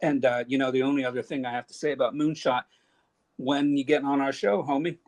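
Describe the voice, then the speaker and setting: A man's voice: medium pitch, fairly even intonation, brisk, darkish tone. A man co-hosting a casual panel, easygoing and slangy, laughing often. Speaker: co-host.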